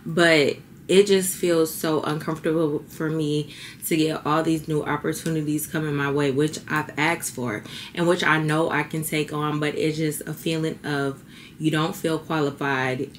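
Young female vlogger, low-pitched, heartfelt and chatty, slightly emotional. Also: flat delivery, normal speed, slight background noise. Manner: heartfelt, chatty, says y'all. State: a little teary. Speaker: beauty vlogger. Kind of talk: casual vlog talk to camera.

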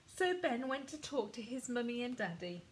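A woman reading a children's picture book aloud in a gentle, expressive storytelling manner. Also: fairly high pitch, normal speed, rough recording. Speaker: storybook reader.

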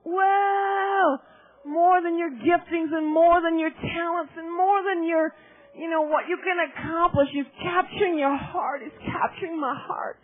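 Ecstatic shouting woman preacher, tinny recording. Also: extremely high pitch, fairly even intonation, moderate pace. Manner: shouting exclamations, laughing and crying while preaching. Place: large church meeting. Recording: tinny phone-like live recording.

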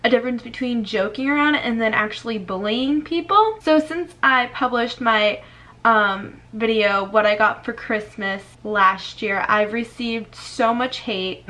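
A woman's voice: fairly high pitch, sharp tone. Chatty young woman from Florida. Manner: chatty, lots of "like", quick laughs. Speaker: YouTuber. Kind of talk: casual vlog talk reading comments.

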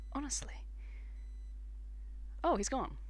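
A young British woman streaming a video game, giggling often and swearing in animated, casual commentary at a close mic. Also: high-pitched, very slow, dry recording.

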